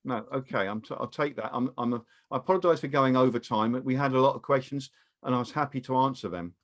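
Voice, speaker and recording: A man with a British accent presenting a training webinar over a video call, giving advice in a calm, measured way. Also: medium pitch.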